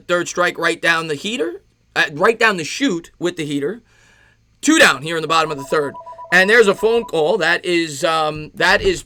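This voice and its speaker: A man doing casual play-by-play on a live stream, chatting with viewers between pitches. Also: pushed and bright, slight background noise. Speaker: live-stream sports host.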